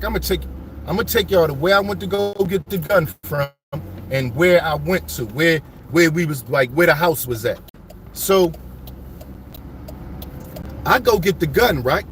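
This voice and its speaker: Higher-voiced man telling street stories. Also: normal speed, slight background noise. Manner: animated, addresses viewers as y'all, heavy street slang. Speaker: vlogger telling his life story. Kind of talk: casual street storytelling. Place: driving around a city neighborhood.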